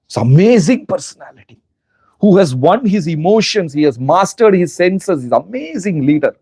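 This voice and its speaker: A man's voice: high-pitched, very animated, moderate pace, dark tone, husky, no echo. A man with an Indian accent gives a spiritual lecture, telling stories with animation and asking his listeners rhetorical questions. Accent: Indian English. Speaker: spiritual teacher.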